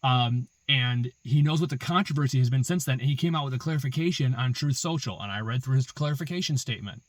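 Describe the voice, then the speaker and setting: A man's voice: medium pitch, fast talker, no room sound. Male host, emphatic opinion monologue, repeats his points, dry close sound. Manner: emphatic, repetitive, building arguments with rhetorical questions. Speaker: political commentary host.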